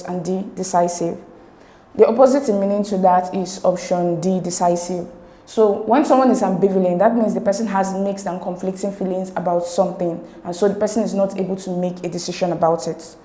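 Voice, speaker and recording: A woman's voice: mid-range voice, warm tone, reverberant. Woman tutoring through exam answers. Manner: methodical, repeats key words, occasional "um". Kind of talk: recorded lesson explaining exam answers.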